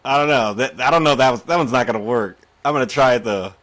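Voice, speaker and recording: A man giving live gameplay commentary, excitable and panicky, quick to laugh and curse. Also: medium pitch. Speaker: gaming YouTuber.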